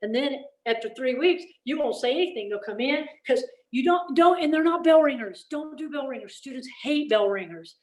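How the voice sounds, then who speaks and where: A woman giving a lively teacher-training workshop in a folksy, emphatic way, often checking in with "okay?". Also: high voice, moderate pace, few pauses. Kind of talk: energetic classroom-management talk. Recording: echoey room.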